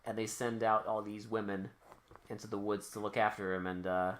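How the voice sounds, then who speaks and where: A man's voice: fairly low pitch, flat delivery, moderate pace. Profane joking podcast co-host man. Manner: profane, joking, acts out characters' lines. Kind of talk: casual movie recap chat.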